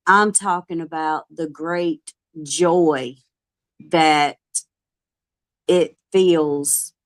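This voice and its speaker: Slow-talking earnest woman. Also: low-pitched, steady tone, dry recording. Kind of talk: casual livestream chat.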